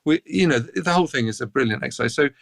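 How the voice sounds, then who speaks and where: English man, podcast guest, lively storyteller, dry close mic. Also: medium pitch, racing, creaky, no echo. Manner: animated anecdotes, breaks into laughter. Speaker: guest cellist.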